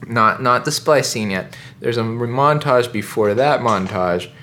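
A man co-hosting a podcast, rambling through an animated, joking recap of a movie. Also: medium pitch, measured pace, a little hiss or hum. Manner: rambling, animated storytelling with laughs. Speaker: podcast co-host. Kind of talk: casual comedic chat recapping a movie.

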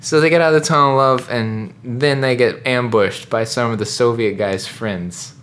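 A man's voice: medium pitch, moderate pace. Man recapping a movie, rambling. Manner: rambling, animated storytelling with laughs. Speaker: podcast co-host. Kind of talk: casual comedic chat recapping a movie.

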